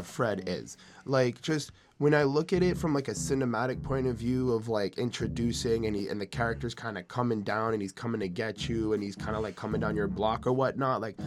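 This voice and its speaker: A man co-hosting a music review, speaking hesitantly and casually, with many fillers and restarts. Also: medium pitch. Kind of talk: casual album review chat.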